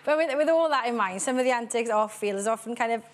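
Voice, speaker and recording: A woman's voice: a little high, fast talker. A woman presenting a rugby show, interviewing a guest with probing but light-hearted questions. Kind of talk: studio interview.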